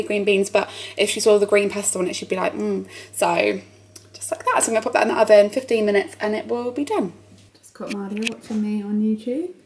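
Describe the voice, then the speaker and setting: A woman's voice: mid-range voice, slight background noise. A woman, chatting casually as she vlogs in her kitchen, rambling and filling gaps with "like" and "um". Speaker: vlogger. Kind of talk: casual vlog chat. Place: home kitchen. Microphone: camera mic.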